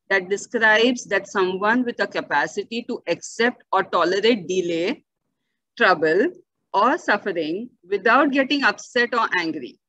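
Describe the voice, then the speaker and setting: A woman with a medium-pitched, slightly bright voice gives an online bioethics lecture over a video call from a home or office webinar setup. She explains terms step by step, often saying "okay" and "uh." Her computer mic yields dry, dull audio.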